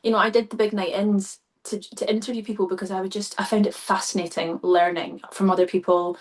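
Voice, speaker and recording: This Scottish stage performer speaks at medium pitch with a level tone and a brisk pace. She's a podcast guest in casual conversation, effusive and eager, her speech thick with fillers.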